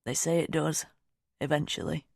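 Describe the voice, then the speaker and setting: A woman voicing a warm, jokey older father with a soft, lowered voice. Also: fairly even intonation, moderate pace, gravelly, husky, dry recording, clean studio sound, full character voice. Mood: fond. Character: warm older British dad, gentle, jokey.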